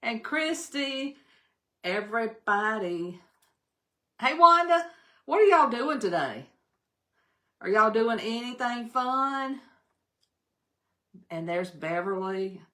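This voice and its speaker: A woman's voice: on the high side, lively intonation, takes it slowly, pauses often, bright, forceful tone. An older woman with a Southern American accent, hosting a casual live craft demonstration and chatting folksily with viewers as she works. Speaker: craft livestream host.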